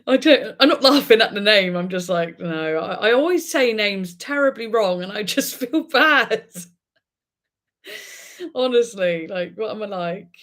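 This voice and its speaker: A woman's voice: medium pitch, lively intonation, unhurried, a bit bright. A woman hosting a casual live chat with viewers, talking in a chatty, giggly way with lots of fillers and restarts. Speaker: livestream host reacting to music.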